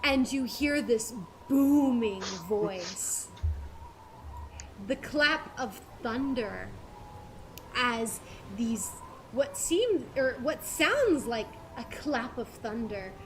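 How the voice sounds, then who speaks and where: A woman narrating a tabletop game as game master, slow and descriptive with many fillers. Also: a little high, expressive, a little hiss or hum.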